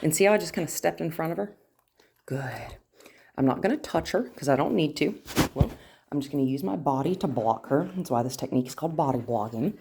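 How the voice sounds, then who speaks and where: A woman dog trainer explaining her steps to viewers while working a dog indoors, breaking into high praise. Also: lively intonation, brisk, creaky, background noise. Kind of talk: instructional dog training demo.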